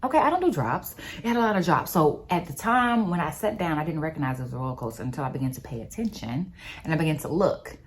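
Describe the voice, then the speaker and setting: A woman talking casually about faith, telling personal stories in an animated, conversational way. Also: low voice, quick pace, slight background noise. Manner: animated storyteller, expressive and conversational. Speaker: vlogger.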